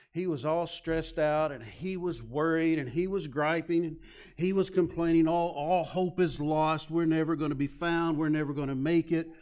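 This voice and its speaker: A male pastor delivers a sermon in a somewhat high voice. He moves from storytelling into numbered points and stresses each one. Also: a little mellow. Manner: storytelling, emphatic preaching with listed points.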